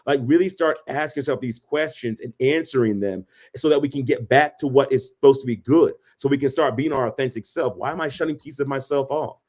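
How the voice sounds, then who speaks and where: A man's voice: mid-range voice, fairly quick, hardly any pauses, darkish tone. A man co-hosting a podcast, giving advice in an emphatic, preachy way and repeating phrases for emphasis. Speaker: podcast co-host. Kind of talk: casual advice conversation.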